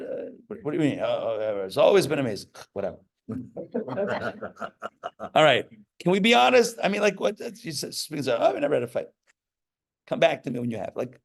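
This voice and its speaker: A man giving a lively sermon as a rabbi at a live class, talking in an animated way with joking asides and acted-out quotes. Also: medium pitch. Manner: animated, acts out quoted voices, jokey asides. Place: live class before an audience.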